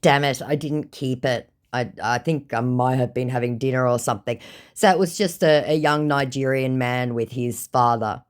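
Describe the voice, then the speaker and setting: A woman's voice: rumbling low, moderate pace. A woman vlogger telling a scam-baiting story in a sarcastic, exasperated way and swearing freely. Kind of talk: casual storytelling, reading chats aloud.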